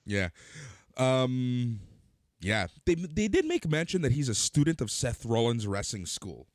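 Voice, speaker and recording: Co-hosting a podcast, this man chats casually about wrestling, throwing teasing, sardonic jabs and jokes. His medium-pitched voice is sing-song and a bit slow, captured with clean studio sound and no room echo.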